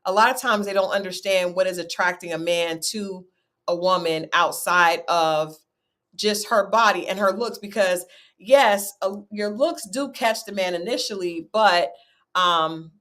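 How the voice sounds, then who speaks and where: A woman's voice: mid-range voice, a little slow. A woman hosting a casual recap chat of a dating show, talking in a chatty way and leading with questions. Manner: chatty, animated, leads with questions. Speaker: host.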